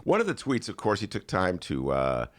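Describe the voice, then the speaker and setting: Male podcast host, low-ish and very lively, mocking commentary in a studio. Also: normal speed. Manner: animated, mocking, shifts into put-on voices. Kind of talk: sarcastic political commentary. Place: radio studio.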